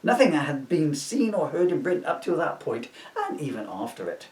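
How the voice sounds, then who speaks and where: Posh, pompous producer type , as a man puts him on, plummy and self-satisfied, with a lively up-and-down delivery; recorded roomy, a bit off the mic. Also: on the high side, fairly quick, far from the mic. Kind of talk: comic reading of a parody book. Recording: roomy sound from away from the mic.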